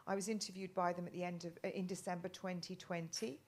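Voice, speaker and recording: Rambling low-voiced middle-aged woman. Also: steady tone, fast. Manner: rambling, many restarts and ums. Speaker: guest. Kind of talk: casual live chat.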